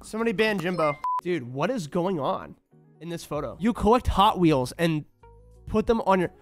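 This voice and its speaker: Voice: medium pitch, animated, normal speed, no room sound. A streamer chatting casually on stream, laughing often and swearing playfully. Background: faint lo-fi music.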